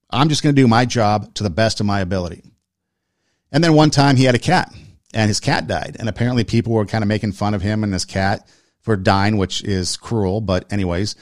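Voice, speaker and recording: A man's voice: on the low side, brisk, no echo, studio quality. A man telling a personal story in an earnest, conversational way, repeating phrases for emphasis as he reflects on kindness and respect.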